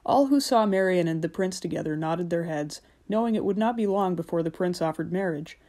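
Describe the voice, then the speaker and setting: A woman narrating a fairy-tale audiobook in a measured, gentle storytelling manner. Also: on the low side.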